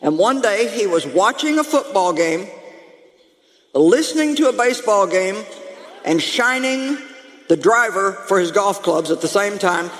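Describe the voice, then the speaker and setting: A woman pastor preaching a lively, humorous sermon to her congregation, calling out to them as she goes. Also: mid-range voice, a little slow, long reverb tail. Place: church sanctuary.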